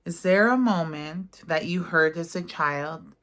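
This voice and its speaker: A woman leading a guided affirmation session, reading gently and then talking casually with fillers. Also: fairly low pitch. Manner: gentle and unhurried, slipping into casual fillers when speaking freely. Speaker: self-help guide. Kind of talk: guided affirmation session, partly read aloud.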